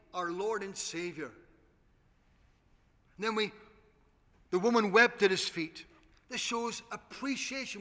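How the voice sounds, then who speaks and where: A man's voice: high-pitched, sharp tone. A man preaching a sermon, earnestly appealing to his congregation. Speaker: pastor. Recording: long hall reverb.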